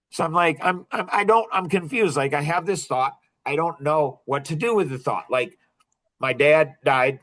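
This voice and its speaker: Rambling man in his sixties, slightly high voice. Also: a bit bright. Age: 60s. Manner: rambling, self-interrupting, with quick laughs. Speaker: podcast guest. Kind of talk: casual storytelling.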